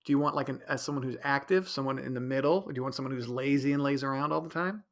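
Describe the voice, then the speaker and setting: A man's voice: medium pitch, racing. A man hosting a casual solo podcast, rambling and correcting himself, with a slightly stuffy nose. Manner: rambling, self-interrupting, mimics others in raised voice. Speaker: podcast host.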